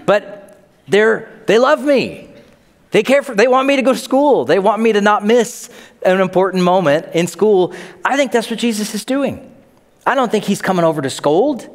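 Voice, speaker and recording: A lively male pastor delivers a sermon, his pitch swinging widely as he acts out the people he quotes. He sounds middle-aged and conversational. A long reverb from the sanctuary hangs behind every word. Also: fairly quick. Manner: animated storytelling, acts out quoted voices.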